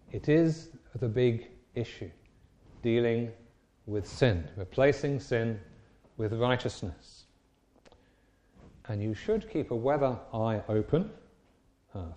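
A man preaching a sermon, telling the story in an emphatic, animated way. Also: medium pitch.

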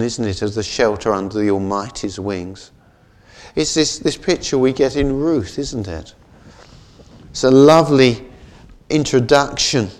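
A male preacher delivering a sermon in an easy, conversational style. He keeps tagging his points with "isn't it?" and drops into slower, softer phrasing when he lands a key idea. His voice sits at a middle pitch for a man.

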